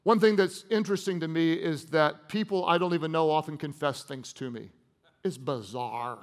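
High-voiced pastor preaching with swings in intensity. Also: male voice, moderate pace. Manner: dynamic preaching, swinging from loud emphasis to hushed intensity; conversational storytelling with humor. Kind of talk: sermon.

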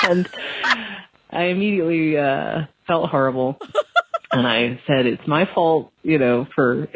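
A woman's voice: sits low, measured pace, noisy background. A woman in her thirties, a caller, telling a story in a rambling, self-deprecating voicemail and laughing at herself. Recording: tinny phone line.

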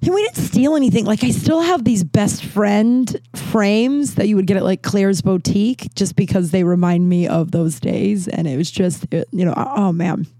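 A woman's voice: medium pitch, normal speed, hardly any pauses, warm tone, dry recording. A woman casually telling a personal story at home, rambling with many fillers and restarts and swearing now and then. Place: at home with a cat nearby.

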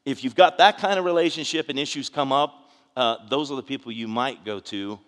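A man's voice: mid-range voice, brisk, a bit bright. A man preaching a conversational sermon as a pastor, telling a story earnestly with frequent restarts. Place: church sanctuary. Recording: long hall reverb.

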